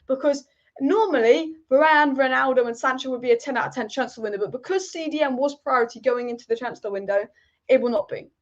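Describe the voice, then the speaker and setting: High-voiced opinionated woman hosting a football stream. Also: muffled recording. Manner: opinionated, fast rambling, repeats points for emphasis. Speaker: football channel host. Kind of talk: live-stream football chat reading viewer comments.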